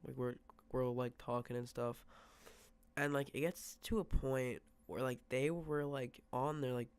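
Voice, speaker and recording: A young man tells a rambling storytime vlog in a medium-pitched, fairly even voice, speaking a little slowly with clean, echo-free audio. His telling is packed with fillers and quoted asides, and he drops to a whisper for quoted thoughts.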